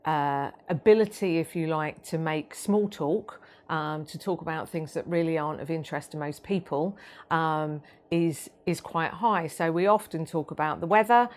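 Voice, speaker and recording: Low-voiced woman explaining patiently. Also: darkish tone. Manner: measured, with frequent ums and restarts. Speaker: autism awareness trainer. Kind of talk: explanatory training talk.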